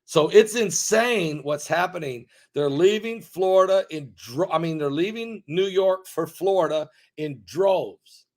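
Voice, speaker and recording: A man's voice: sits high, expressive. Emphatic man ranting in long lists. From United States. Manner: rapid lists with repetition, swings from loud rises to quiet asides. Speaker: online preacher and commentator. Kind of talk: emphatic direct-to-camera monologue.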